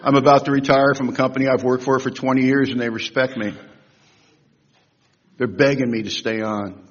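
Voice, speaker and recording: Husky older man telling stories in echoey hall. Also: a little fast, pauses often. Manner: humorous, animated storytelling with big swings in pitch and loudness. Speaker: recovery meeting speaker. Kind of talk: storytelling talk at a recovery convention. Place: large convention hall. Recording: echoey hall, dull lo-fi sound.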